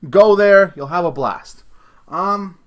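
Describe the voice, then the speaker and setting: A man's voice: high-pitched, lively intonation, takes it slowly, fairly bright tone. A middle-aged man hosting a comedic solo podcast rant, sarcastic and mocking, breaking into laughter often. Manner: laughs often between sentences. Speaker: podcast host.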